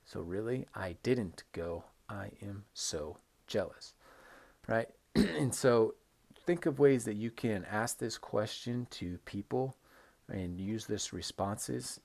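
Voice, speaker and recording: Guy teaching english on a recorded video lesson, kinda low voice, drags out examples, keeps saying right?. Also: lively intonation, gravelly, darkish tone. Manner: slow, emphatic modeling of intonation with rising and falling examples; repeats words for stress, frequent "right?" checks.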